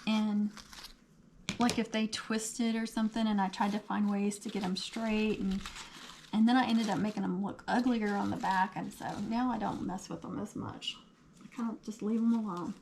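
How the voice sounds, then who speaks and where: A woman hosting a casual craft livestream, her voice a little hoarse, chatting and answering viewer comments as she works. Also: mid-range voice, steady tone, moderate pace, a little mellow, a little hiss or hum. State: losing her voice.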